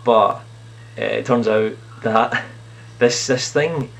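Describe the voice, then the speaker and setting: A man's voice: mid-range voice, takes it slowly, gravelly, a bit bright. A man talking with himself in a casual improvised comedy skit, rambling and self-mocking, recorded at home on a camera in his sitting room. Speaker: video blogger playing himself and his clone. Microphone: camera on a TV unit.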